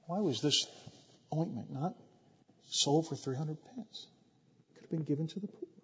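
A preacher putting on a hushed, scheming traitor. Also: male voice, fairly high pitch, animated, normal speed, husky, heavily acted. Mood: muttering. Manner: hushed, muttering. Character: sly grumbling male traitor disciple, scheming. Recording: long reverb, dull lo-fi sound.

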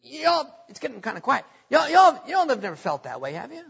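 A man preaching a sermon as pastor, asking the congregation questions and drawing out key words slowly. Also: very high voice, huge pitch swings, creaky, fairly bright tone. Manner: preaching with call-and-response questions. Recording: dull lo-fi audio with long reverb.

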